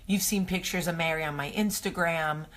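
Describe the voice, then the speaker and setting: Low-voiced New Jersey woman chatting. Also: moderate pace, fairly bright tone. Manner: chatty, rambling, self-deprecating. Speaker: vlog host. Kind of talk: casual morning chat to camera.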